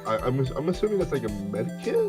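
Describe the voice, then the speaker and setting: A man's voice: mid-range voice, very animated, fast talker. Casual man playing a game, rambling, faint background music. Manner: rambling, thinking aloud. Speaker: game player voicing characters. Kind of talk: casual let's-play chat.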